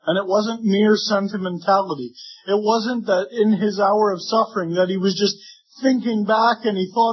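A man with a fairly high, husky voice preaches earnestly to a congregation, giving voice to the objections his listeners might raise. The recording is dull and lo-fi, as if taped in a church. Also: fairly even intonation, moderate pace. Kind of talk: sermon.

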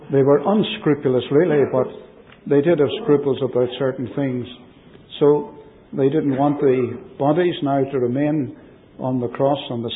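A man chairing a Bible study discussion in a measured, affirming way. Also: medium pitch. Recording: tinny phone-line recording with faint hiss.

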